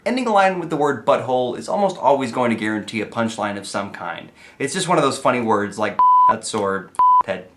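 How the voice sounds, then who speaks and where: A man's voice: medium pitch, lively intonation, fairly quick, fairly bright tone. A young man giving a playful, comedic lesson on writing song lyrics, sometimes singing his examples. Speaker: songwriting teacher.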